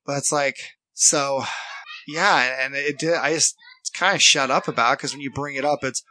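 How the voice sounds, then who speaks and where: A man's voice: medium pitch, normal speed, bright, forceful tone, no room sound. A man co-hosting a podcast, talking earnestly in casual chat and acting out what other people say. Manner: earnest, quotes others in put-on voices. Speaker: podcast co-host.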